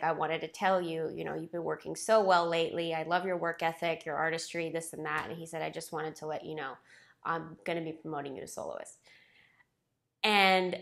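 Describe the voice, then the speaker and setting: Chatty woman telling a story. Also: on the low side. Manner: chatty, self-deprecating, animated quoting of others. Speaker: former ballet soloist telling a story. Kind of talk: casual storytelling vlog.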